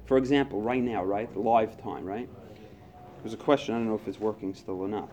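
A man speaking to a recovery group, animated, acting out his own inner voice and past phone calls. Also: lowish voice, fairly quick.

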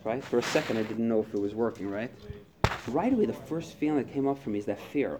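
A man of middle pitch talks to a recovery group with lively energy. He switches into his own inner voice as he speaks. A faint hiss sits under the recording. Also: fast.

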